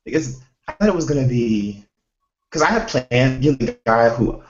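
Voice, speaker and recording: A man's voice: medium pitch, animated, normal speed, reverberant, muffled recording, a little hiss or hum. A man chatting casually, rambling through a story with lots of restarts. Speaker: live chat participant. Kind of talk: casual chat.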